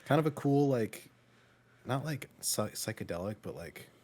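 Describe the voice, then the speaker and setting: A man's voice: medium pitch, animated, moderate pace, a little mellow. A man hosting a music reaction podcast, chatting casually with many hesitant fillers. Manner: hesitant, lots of filler words. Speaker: podcast host.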